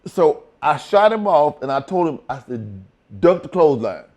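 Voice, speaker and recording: Animated, profane man telling wrestling stories. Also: a little high, normal speed. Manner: profane, animated storytelling with acted quotes. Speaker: interview guest, former wrestler. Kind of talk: shoot interview storytelling.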